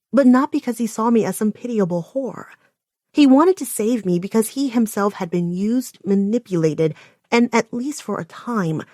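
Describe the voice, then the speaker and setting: A woman narrating a first-person romance audiobook in an intimate way, often dropping to a hushed near-whisper. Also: mid-range voice, no echo, studio quality.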